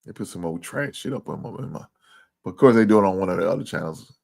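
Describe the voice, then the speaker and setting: Talking quickly and expressively in a creaky voice, a livestream sports show host chats casually with viewers and reads their comments aloud. He lurches from low mumbling to loud, profane, exasperated rants.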